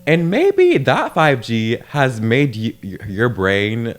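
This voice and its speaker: A man's voice: mid-range voice, very animated, takes it slowly. A young man as a podcast guest, teasing playfully in casual banter.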